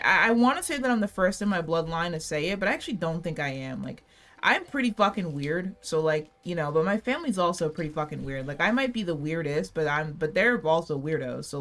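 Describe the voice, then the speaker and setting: A woman's voice: deep voice, fairly bright tone. A young woman chatting casually over gameplay in a rambling, profane, self-mocking way. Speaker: gaming channel host.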